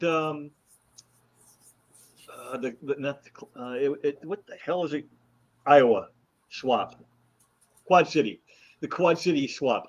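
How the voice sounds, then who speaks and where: A middle-aged man hosts a relaxed conversation, spinning animated anecdotes and slipping into other people's voices. His pitch sits in an ordinary middle range. The audio is dull and lo-fi, with the top end missing. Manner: animated storyteller, mimics voices. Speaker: host. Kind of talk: casual chat.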